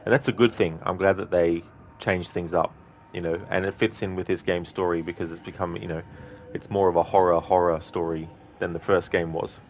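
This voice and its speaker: Very deep, flat-voiced man chatting. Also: fairly quick, slight background noise. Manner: rambling, many fillers. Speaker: game streamer. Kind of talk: casual commentary over gameplay.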